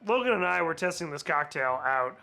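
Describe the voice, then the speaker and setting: Soft music plays as a man with a high-ish, creaky, bright voice hosts a casual cocktail vlog, animated, fairly quick, and forceful in tone. He's a little hungover, laughs often, and rambles in chatty asides.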